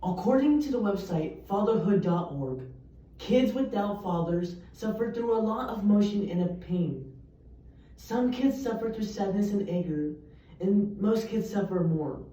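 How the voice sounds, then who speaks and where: A woman's voice: mid-range voice, animated, unhurried, dark tone. A young woman reciting poems earnestly, with emphatic delivery. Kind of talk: poetry recitation. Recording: echoey, distant, muffled room recording.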